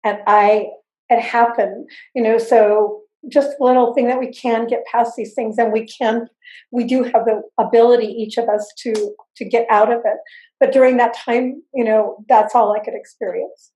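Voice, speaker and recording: Older woman, fairly high and mellow voice, intense halting testimony, echoey room. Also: fairly even intonation. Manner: earnest, intense, halting with repeats. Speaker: interview guest. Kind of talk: personal testimony. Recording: roomy echo.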